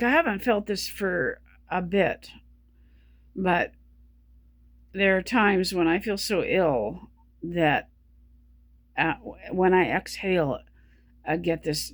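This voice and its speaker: Weary and subdued, a woman speaks to her video diary in a fairly low voice, running short of breath as she goes. Her speech halts and stumbles with frequent restarts, recorded without echo.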